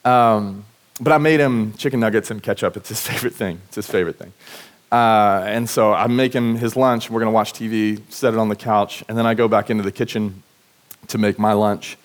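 A man's voice: fairly low pitch, steady tone, brisk. Casual sounding male pastor preaching. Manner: casual and earnest, frequent "like" and restarts. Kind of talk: conversational sermon with personal stories. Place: church service.

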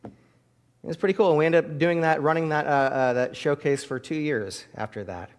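A middle-aged pastor delivering a sermon in a slightly high voice. He tells stories in a loose, chatty way full of fillers, then lifts into loud, fervent calls for his congregation to repeat prayers after him. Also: normal speed. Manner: conversational storytelling with many fillers.

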